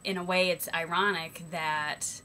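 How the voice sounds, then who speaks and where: Slight background noise accompanies this young American woman's voice, which is on the low side, steady, and sharp, delivered without hurry. She's a vlogger in a reflective personal monologue, hesitant and thoughtful with frequent ums and self-corrections.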